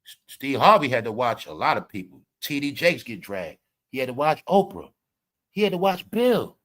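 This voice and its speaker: A man's voice: mid-range voice, very animated, moderate pace, a bit bright. A man hosting a livestream, ranting profanely about celebrity gossip and calling out viewers. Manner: profane, combative, repeats "all right" and "y'all". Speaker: livestream commentator.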